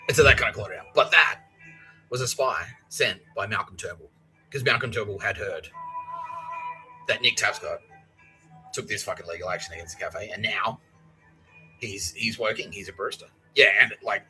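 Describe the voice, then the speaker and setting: A man's voice: on the low side, fast talker, sharp tone, faint music behind, rough recording. A man in his thirties, a podcast host telling a rambling, profane story and acting out the other people's lines. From Australia. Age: 30s. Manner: profane, acts out others' lines, laughs often. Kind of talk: rambling monologue.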